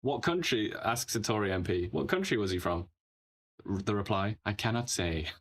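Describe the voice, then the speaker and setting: A man's voice: lowish voice, very animated, normal speed. A man co-hosting casual political commentary, adding wry, jokey asides. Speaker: podcast co-host.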